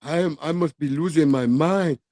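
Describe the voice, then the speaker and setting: A man voicing a confused, flustered woman shopper who talks in a slow, worried, bewildered way. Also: on the high side, warm tone, no echo, clean studio sound, natural voice.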